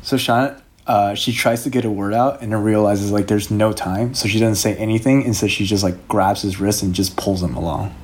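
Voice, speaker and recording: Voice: sits low, steady tone, brisk, hardly any pauses. A player describing a character's actions in a tabletop game, chatty and full of fillers. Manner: chatty, filler-heavy, laughs often. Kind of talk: casual tabletop game play.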